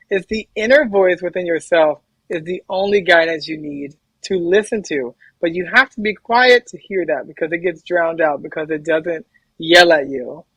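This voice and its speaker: A man speaking very fast and hyper as a podcast guest in a casual interview chat. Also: fairly high pitch, a bit bright, slightly rough, no room sound, rough recording.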